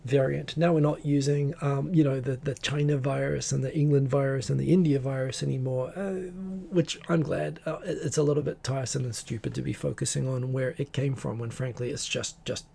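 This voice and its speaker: A man with a deep gravelly, husky voice hosts a relaxed live stream. He chats loosely, wanders between topics and reads out viewers' names. His tone sits on the mellow, dark side. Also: a little fast, hardly any pauses. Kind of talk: casual live-stream chat.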